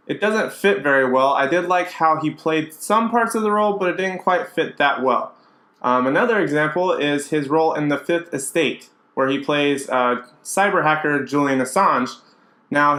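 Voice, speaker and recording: A man's voice: on the high side, sharp tone, reverberant. A young adult man giving opinionated, casual vlog commentary, chatty with frequent fillers. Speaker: vlogger.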